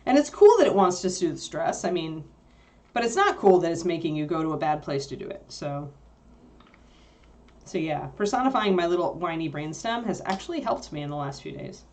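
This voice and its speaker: A woman with a somewhat low voice co-hosts a livestream in casual chat. She rambles through her thoughts with plenty of fillers and laughs easily as she answers viewers. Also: big pitch swings, moderate pace, darkish tone.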